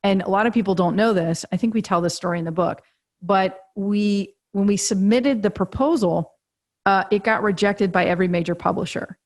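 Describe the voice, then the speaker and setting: Woman, podcast guest, animated storyteller, laughs often, mid-pitched voice. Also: a little fast. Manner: animated, laughs often, acts out quoted dialogue. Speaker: guest, agency co-founder and author. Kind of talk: casual interview storytelling. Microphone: podcast remote call.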